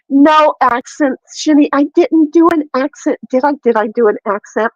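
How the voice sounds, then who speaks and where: High-voiced, rambling woman in casual chat. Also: moderate pace, few pauses, dry recording. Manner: rambling, profane, animated ranting with many fillers. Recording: dry, slightly dull audio.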